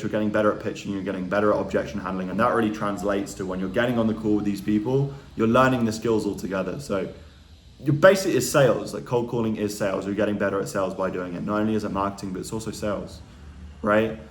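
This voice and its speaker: A young man giving a casual sales lesson, talking energetically and emphatically, often ending points with a quick tag question. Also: on the low side. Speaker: sales coach. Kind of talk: casual instructional talk to camera. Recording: echoey room with faint background hiss.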